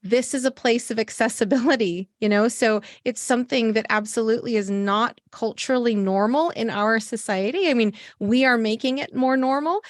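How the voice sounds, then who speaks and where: A woman's voice: normal speed, hardly any pauses, no room sound. Enthusiastic woman podcast host, dry sound. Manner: enthusiastic, lively pitch jumps when telling stories. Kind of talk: casual interview talk.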